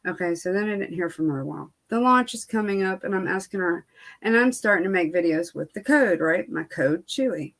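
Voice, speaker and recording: A woman's voice: on the low side, lively intonation, brisk, fairly bright tone. A woman beauty vlogger telling a storytime in casual chat, candid and venting, with lots of fillers and quoted back-and-forth.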